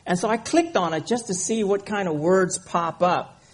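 A man's voice: high voice, normal speed, breathy edge. A man preaching a conversational sermon, reading scripture and often checking in with his listeners. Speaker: pastor.

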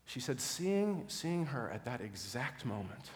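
A man's voice: mid-range voice, big pitch swings, measured pace. Earnest man preaching in a reverberant hall. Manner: earnest, repeats words in restarts, drops soft for quiet moments. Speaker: pastor. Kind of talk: sermon storytelling.

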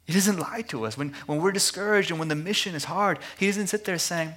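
A man preaching a sermon at a missions conference, passionate and rhythmic, repeating phrases and dropping to hushed tones. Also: high-pitched, fairly quick, few pauses. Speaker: guest preacher.

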